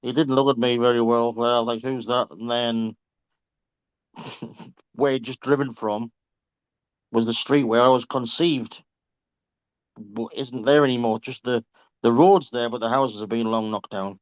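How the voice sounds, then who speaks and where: A regular on a reading group's call, this man tells casual anecdotes, chatty and swearing freely, laughing through his stories. His mid-range voice is steady, a little slow, with frequent pauses and a clean tone. The recording is dry with no echo, though slightly muffled.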